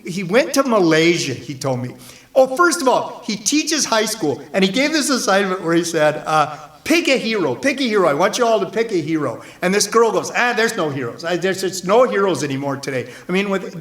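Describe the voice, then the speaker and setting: A man with a fairly high voice tells stories at a benefit event. He talks casually and animatedly, acts out the people he quotes, and stumbles over repeated words. The sound is roomy and echoes in the hall. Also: a bit bright. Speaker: storyteller speaking at a benefit event. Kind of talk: conversational storytelling talk.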